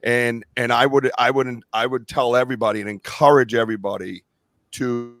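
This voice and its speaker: A man's voice: mid-range voice, steady tone, a little fast, a bit bright. A middle-aged man hosting a podcast, speaking earnestly and with emotion, his voice choking up at times. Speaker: podcast host. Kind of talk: casual podcast chat.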